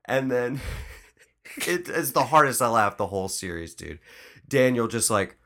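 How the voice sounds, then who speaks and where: A man co-hosting a podcast in a studio, chatting casually and excitedly, swearing and saying dude a lot. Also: medium pitch, measured pace, vocal fry, very noisy. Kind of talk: casual chat.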